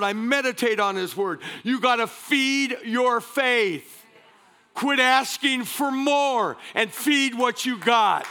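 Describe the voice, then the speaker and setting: A man preaching a sermon as pastor, energetic, calling out to the congregation and joking between points. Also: very high-pitched. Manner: energetic preaching with crowd call-and-response; joking asides, repeats words.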